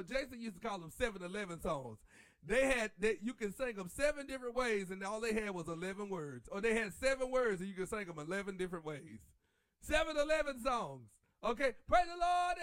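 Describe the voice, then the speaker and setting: A man hosting a casual talk show, animated and preachy, breaking into bits of gospel song. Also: high voice, dry recording, studio quality. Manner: animated, preachy, sings church lines. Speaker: podcast host. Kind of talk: casual chat.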